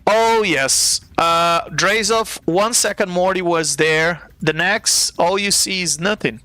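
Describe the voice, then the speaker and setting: A man's voice: high-pitched, slow pace, sharp tone, dry recording. A man running a live-play tabletop game as game master, narrating scenes in a playful, theatrical way.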